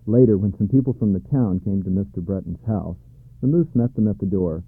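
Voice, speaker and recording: A man's voice: fairly low pitch, brisk, breathy edge, dry recording. Man reading a storybook, thin dry sound. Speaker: narrator. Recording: dry tinny narrow-band sound.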